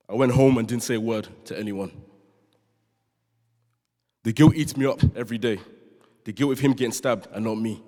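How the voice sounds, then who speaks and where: Young london guy giving an earnest student speech in a big chapel, average pitch, echo rings out long. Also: a little mellow. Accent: London English. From London, born in Nigeria. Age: young adult. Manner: earnest, banters with the audience. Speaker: student speaker. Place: large chapel. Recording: long reverb of a chapel hall.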